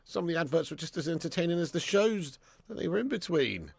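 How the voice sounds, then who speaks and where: A man hosts a live stream in a gravelly, slightly high voice, bantering loosely with his viewers. He reads out their comments and swears freely as he chats. The sound is close and dry. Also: animated, fast talker, no room sound. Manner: chatty banter reading out viewer comments, swears and laughs often. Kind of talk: casual live watch-along chat.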